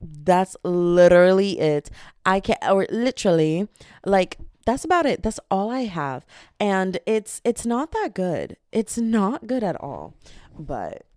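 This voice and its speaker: A young woman in her twenties hosts a solo podcast, rambling casually into the microphone with self-deprecating, jokey humor. Her medium-pitched voice is sing-song and darkish, her pace unhurried. The recording is studio quality with no room sound.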